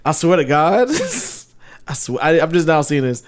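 A man co-hosting a podcast, excitable in casual chat, swearing and laughing often. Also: fairly high pitch, measured pace. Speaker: podcast co-host.

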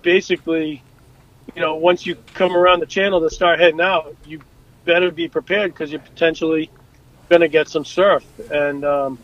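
High-voiced man telling lively sea stories. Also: normal speed, no echo, dull audio. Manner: animated, acts out quotes, many fillers and restarts. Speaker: guest, former rescue boat crewman. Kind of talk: casual storytelling.

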